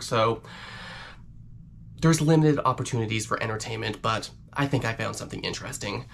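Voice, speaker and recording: A man from Ontario with a Canadian accent, talking casually to camera while sick, his voice deepened and rough, brash and swearing. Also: fairly bright tone, a little hiss or hum. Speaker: vlogger host. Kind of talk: casual profane vlog chat.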